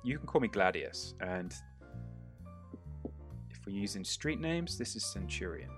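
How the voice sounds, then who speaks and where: Man playing a suave mobster, polite, smooth, quiet, low, tabletop game. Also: big pitch swings, unhurried, faint music behind. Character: suave, smiling male mob boss.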